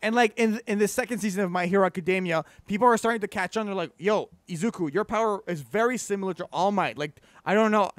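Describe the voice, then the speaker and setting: A man's voice: high voice, fast, few pauses, no room sound. A young man hosting a casual podcast chat, rambling and stumbling over his words with lots of fillers. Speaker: podcast host.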